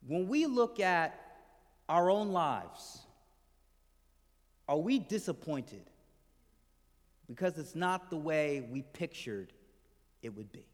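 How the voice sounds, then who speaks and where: Male pastor, high-ish voice, conversational sermon delivery with soft trailing endings, reverberant sanctuary. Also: big pitch swings, slow pace, pauses often. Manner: conversational, asks the congregation questions; drops to a soft low voice at the end of phrases. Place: church hall with congregation. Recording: hall reverb from the room.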